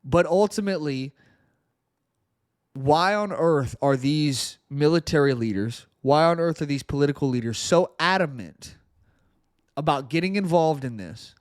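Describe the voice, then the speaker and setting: A man's voice: a little high, no room sound, clean studio sound. A male podcast host giving earnest political commentary, often repeating words as he presses a point.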